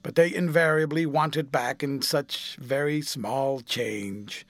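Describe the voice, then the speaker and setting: A man's voice: medium pitch, takes it slowly, fairly bright tone, no room sound. A man playing a languid, cynical aristocrat. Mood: drawling. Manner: drawling epigrams, airy and amused.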